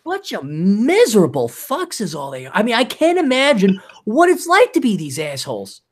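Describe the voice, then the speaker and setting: A man's voice: sits high, wildly swooping pitch, normal speed. A man hosting a podcast in casual, profane chat, often slipping into put-on voices. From American. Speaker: podcast host.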